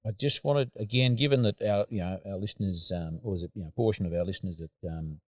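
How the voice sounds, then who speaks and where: Australian man, podcast host, very deep voice, halting and hesitant. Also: dry recording, clean studio sound. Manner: halting, hesitant, searching for words. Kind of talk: casual interview.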